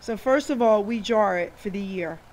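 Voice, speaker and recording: A woman radio host from an Italian-American family, chatting casually in a teasing, animated way and laughing often. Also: mid-range voice, moderate pace, a crowd in the background, rough recording. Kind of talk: casual chat. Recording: live radio studio with faint noise.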